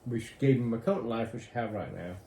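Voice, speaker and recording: A man's voice: medium pitch, fast talker, vocal fry, warm tone. A British man chatting casually with his wife, hesitant and guarded, trailing off as he talks. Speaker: husband in a couple channel. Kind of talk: casual chat. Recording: echoey room, faint noise.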